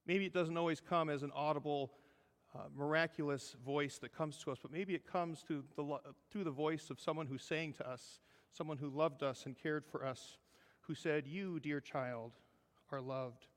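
A male pastor delivers an earnest sermon, pressing key words and then easing into quiet, tender phrases. His voice sits a little high for a man. The sound rings with the long reverb of a church hall. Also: fairly even intonation, normal speed. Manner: earnest, rising emphasis, softening to hushed close.

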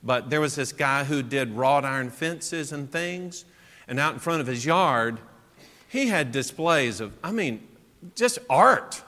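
Animated preacher man in a reverberant hall. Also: mid-range voice, unhurried. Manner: animated, asks rhetorical questions. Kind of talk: sermon.

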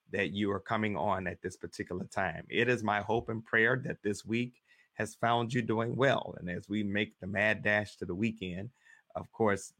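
A man leading a weekly Bible study as pastor, speaking in an earnest preacher's cadence and reading scripture slowly with emphasis. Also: on the low side, fairly bright tone, no echo, clean studio sound.

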